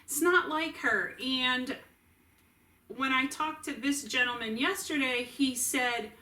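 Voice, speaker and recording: A woman's voice: high-pitched, slow, bright, forceful tone, far from the mic. A middle-aged woman talking casually and earnestly to camera as a family caregiver, with restarts and asides. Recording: roomy echo, voice set back from the mic.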